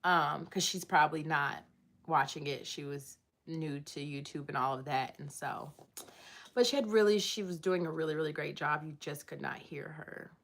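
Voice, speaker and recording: A woman's voice: low-pitched, normal speed, fairly bright tone. A woman hosting a casual livestream, rambling and chatting as she reads and answers viewer comments from home. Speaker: livestream host. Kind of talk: casual live chat.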